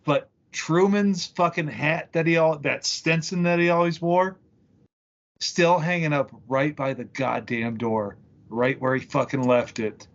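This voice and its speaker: A man's voice: on the high side, fairly even intonation, unhurried, highs cut off. Casual cursing man telling stories on a podcast. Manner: casual, profane storytelling. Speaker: podcast co-host. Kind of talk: crude comedic podcast banter.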